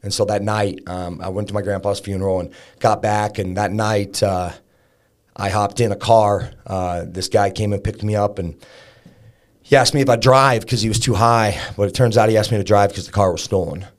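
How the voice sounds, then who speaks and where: A man's voice: lowish voice, fairly even intonation, normal speed. A man telling a raw personal story as a podcast guest, frank and casual, swearing and peppering his talk with fillers. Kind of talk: candid personal storytelling in an interview.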